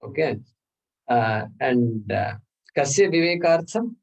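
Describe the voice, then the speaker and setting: A man teaching a scripture class, slowly explaining Sanskrit terms and checking in with "okay?". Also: medium pitch, big pitch swings, creaky, muffled recording. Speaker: Vedanta teacher.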